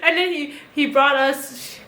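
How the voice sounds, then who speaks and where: A young woman chatting casually and telling animated, giggly stories as a podcast guest. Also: high-pitched, a little slow, roomy sound. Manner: animated storytelling, giggly, lots of fillers. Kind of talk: casual chat.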